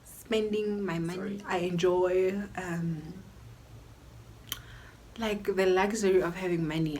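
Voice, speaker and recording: Chatty South African woman, lowish voice. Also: steady tone, measured pace, a little hiss or hum. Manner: chatty and opinionated, mixing in local languages. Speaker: YouTuber. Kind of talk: casual Q&A vlog.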